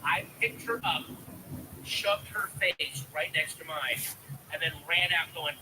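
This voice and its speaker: A man doing stand-up, telling a story about his young daughter with a lively, building delivery. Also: on the high side, unhurried, slight background noise, low-quality recording. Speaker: stand-up comedian.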